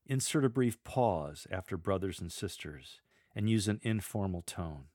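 A middle-aged man teaching church lectors how to proclaim a reading, measured and deliberate, pausing to model the lines. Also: low-pitched, animated, dry recording, studio quality. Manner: measured, demonstrates readings aloud with deliberate pauses. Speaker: lector coach. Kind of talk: instructional podcast on scripture reading.

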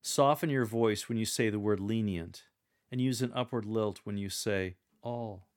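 With a lowish voice, a man teaches a lector how to read scripture aloud, giving deliberate instruction and acting out example readings.

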